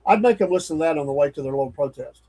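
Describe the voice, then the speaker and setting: A man's voice: a little high, expressive, rapid-fire, dark tone, low-quality recording. A man co-hosting a morning radio show, blunt and opinionated in easygoing banter. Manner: plain-spoken, opinionated, easygoing.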